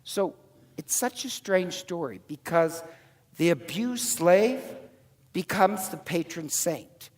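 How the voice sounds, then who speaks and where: A man from Ireland, a priest, telling a story in a homily in an easy conversational way, with many fillers and quick self-corrections. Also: high voice, lively intonation. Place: church. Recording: church hall reverb.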